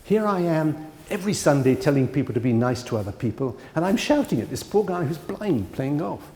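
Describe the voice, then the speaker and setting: Guilt-stricken priest in a joke, pitched up a bit, male lecturer doing it, hall echo. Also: sing-song, brisk, a little mellow. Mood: remorseful. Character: remorseful male priest, middle-aged. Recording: roomy lecture hall reverb.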